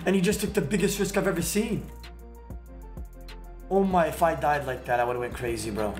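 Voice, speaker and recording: A man streaming a game, giving excitable, slangy trash-talk commentary with sudden shouts. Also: fairly high pitch, normal speed. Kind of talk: live gameplay commentary. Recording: echoey room with clear background music. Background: background music.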